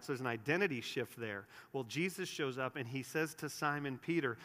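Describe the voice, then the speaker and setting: A man preaching a sermon in a church, earnest, rising to emphatic peaks and dropping to quiet, soft lines. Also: mid-range voice, moderate pace, hardly any pauses. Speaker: pastor. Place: church sanctuary. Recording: long reverb of a large room.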